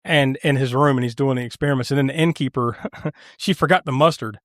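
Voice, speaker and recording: A man's voice: medium pitch, fast talker, no room sound, clean studio sound. A man co-hosting a podcast, retelling a film scene by scene in casual chat, laughing, swearing and acting out lines. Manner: animated storyteller, acts out scenes in funny voices, swears, laughs often. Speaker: podcast co-host. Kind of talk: casual movie review chat.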